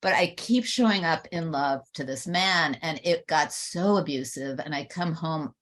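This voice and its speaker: Low-voiced older woman telling a story. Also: unhurried. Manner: earnest, animated when quoting others. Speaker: podcast co-host. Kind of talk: reflective personal storytelling.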